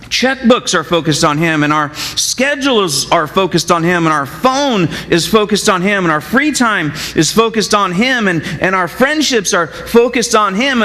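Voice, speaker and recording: Animated male pastor in a reverberant church. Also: high voice. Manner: animated, asks the congregation questions. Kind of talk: sermon. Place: church sanctuary.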